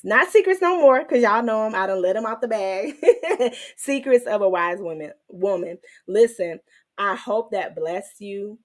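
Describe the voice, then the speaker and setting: A woman hosting her own faith channel, teaching and testifying in an emotional, animated way, with some in her speech. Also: fairly low pitch. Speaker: Christian women's channel host.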